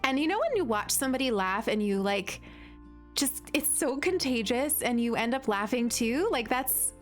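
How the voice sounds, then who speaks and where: A woman's voice: a little high, expressive, moderate pace, faint music behind. A woman streamer chatting casually and gushing while she plays, with lots of "like" fillers. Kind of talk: casual live-stream chat while playing.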